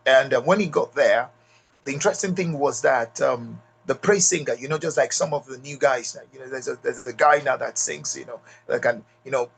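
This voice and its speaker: A man's voice: mid-range voice, vocal fry, fairly bright tone, a little hiss or hum. A middle-aged man with a Nigerian accent gives an emphatic motivational talk at a leadership retreat, repeating key lines and speaking straight to the audience.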